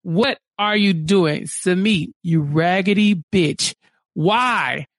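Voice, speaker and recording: Super high-pitched guy ranting and venting on a podcast recap, dry close sound, video call. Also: slow pace, no echo. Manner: ranting, exasperated and exclamatory. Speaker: podcast co-host. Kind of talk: casual reality-show recap chat.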